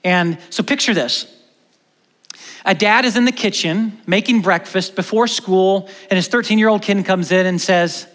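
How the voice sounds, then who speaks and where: In a church hall thick with long reverb, a high-sitting male voice delivers a sermon at normal speed. The pastor is animated, swinging from loud emphasis to quiet, intense lines.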